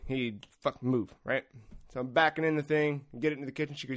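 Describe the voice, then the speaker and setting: A man's voice: mid-range voice, quick pace. A man hosting a podcast, telling a story in a casual, profane way and acting out the people in it. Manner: profane, animated, acts out quotes. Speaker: podcast host.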